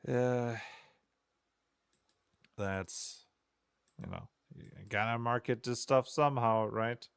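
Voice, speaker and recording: A man's voice: mid-range voice, slow pace, gravelly, smooth, no room sound, studio quality. A young man streaming while he programs, chatting casually and rambling in a self-deprecating way with frequent chuckles. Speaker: game designer streaming programming.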